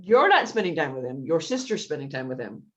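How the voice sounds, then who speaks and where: Lower-voiced woman chatting about a tv show, laughs a lot, kinda muffled lo-fi sound. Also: brisk. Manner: animated storytelling, laughs often, jumps up high when quoting characters. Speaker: podcast co-host. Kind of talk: casual chat recapping a TV show.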